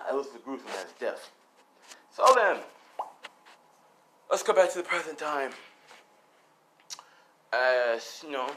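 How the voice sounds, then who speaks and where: A man's voice: mid-range voice, sharp tone, slight background noise. A man improvising a fan story in casual, rambling narration, full of fillers and the odd swear. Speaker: storyteller, channel host.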